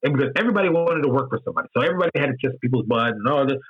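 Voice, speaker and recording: A man's voice: medium pitch, expressive, racing, slightly rough. A man in his fifties, a game designer telling candid stories in an interview, often repeating phrases for emphasis. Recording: dull lo-fi sound.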